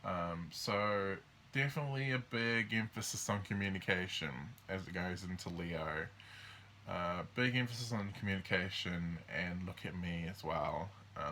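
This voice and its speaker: A man with a lowish, bright, forceful voice talks through the month's astrology in a loose, casual way. He hesitates and restarts often, and he keeps breaking into quick voices for the signs. A faint hiss sits under his voice. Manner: rambling and hesitant, full of ums and restarts. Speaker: astrology host.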